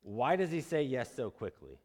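A man's voice: medium pitch, very animated, normal speed, darkish tone, long reverb tail. A man preaching an expository sermon in a conversational way, asking his listeners questions and acting out quotes in casual voices.

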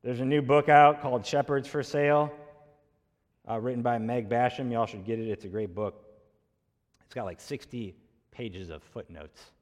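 A man's voice: mid-range voice, normal speed. A man preaching a sermon as pastor, emphatic and pressing hard on key words. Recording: long hall reverb.

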